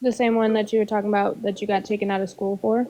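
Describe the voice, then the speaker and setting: A woman's voice: mid-range voice, little pitch movement, fast, warm tone. A woman chiming in on a livestream with brief, helpful replies. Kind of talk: casual livestream chat.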